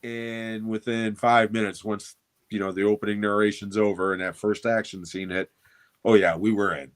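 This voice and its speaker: A man's voice: on the low side, level tone, normal speed. A man co-hosting a movie podcast, telling stories with enthusiasm and casual swearing. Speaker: podcast co-host. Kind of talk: casual chat.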